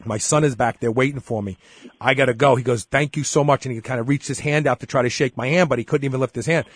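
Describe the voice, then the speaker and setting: Husky middle-aged man telling a story. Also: mid-range voice, fast, no room sound. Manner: animated storyteller, acts out dialogue. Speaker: show host. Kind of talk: casual storytelling chat.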